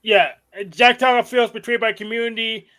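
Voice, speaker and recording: High-voiced, stammering male panelist. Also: steady tone, normal speed, sharp tone. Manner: stammering, restarts often. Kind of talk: casual panel chat.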